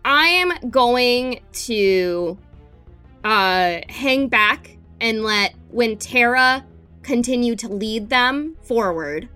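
A woman plays in a tabletop game, laying out her plan slowly and hesitantly and pausing to find her words. Her voice is bright and fairly high. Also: expressive, clean tone, soft background music. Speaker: player.

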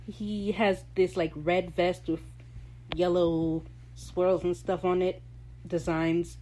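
A woman's voice: fairly low pitch, a little mellow, a little hiss or hum. A woman hosting a casual episode recap, chatty and joking, with slangy asides and free swearing. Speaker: podcast host recapping a TV episode.

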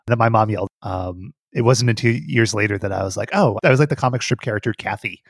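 A man's voice: fairly low pitch, quick pace, gravelly, no room sound, clean studio sound. A man hosting a podcast, chatting casually with frequent laughs and swearing. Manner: laughing, rambling, profane. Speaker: podcast host.

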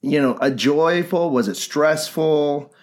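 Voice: mid-range voice, takes it slowly. Joking host asking easy questions. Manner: joking, asks follow-up questions. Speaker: interviewer. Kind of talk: casual interview chat.

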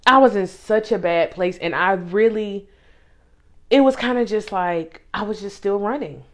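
A woman's voice: mid-range voice, moderate pace. A woman hosting a casual faith podcast, sharing emotional testimony. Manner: emotional, animated, testimony-style storytelling. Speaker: podcast host.

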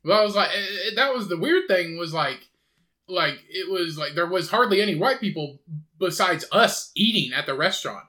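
A man's voice: high-pitched, lively intonation, normal speed, pushed and bright. A young man co-hosting a podcast, telling rambling, profane stories in casual chat and laughing often. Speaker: podcast co-host.

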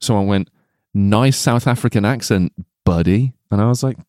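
A man's voice: fairly low pitch, normal speed, darkish tone, dry recording, studio quality. A man co-hosting a film podcast, playful and jokey, often laughing as he talks. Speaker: podcast co-host. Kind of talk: casual film discussion.

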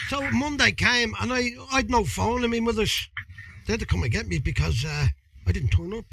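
Gravelly Dublin man spinning a yarn. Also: high voice, brisk, heavy background noise. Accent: Irish, Dublin. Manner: animated, swearing, colloquial. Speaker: interview guest. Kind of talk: anecdotal storytelling.

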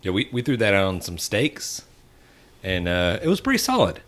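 A man's voice: on the low side, huge pitch swings, normal speed, fairly bright tone. A man co-hosting a podcast in an easygoing, joking way. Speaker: podcast co-host. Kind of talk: casual podcast chat.

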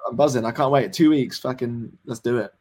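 A young man in his twenties, a band member guest in a casual podcast interview, rambling, excitable and swearing freely. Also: mid-range voice, brisk, crowd noise. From United Kingdom. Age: 20s.

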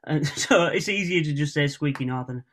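A man's voice: on the high side, fairly quick, fairly bright tone. A man with a Northern English accent, a comedian speaking as a guest in a casual interview, chatty and self-deprecating.

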